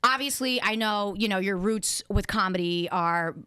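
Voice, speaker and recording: A woman's voice: medium pitch, moderate pace, pushed and bright, smooth, dry recording. Playful woman podcast host, dry sound. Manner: playful, rambling, self-mocking asides. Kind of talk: casual chat.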